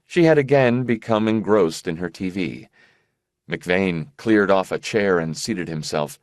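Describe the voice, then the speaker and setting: A man narrating an audiobook in a measured, expressive reading voice. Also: low-pitched, dry recording, studio quality. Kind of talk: scripted narration.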